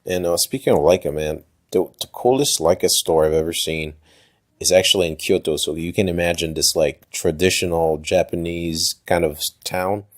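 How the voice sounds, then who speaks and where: A man with a very deep voice chats in a relaxed, laid-back way. He lets his sentences trail off and drops in short agreeing sounds. It is a casual chat. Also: normal speed. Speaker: magazine co-host.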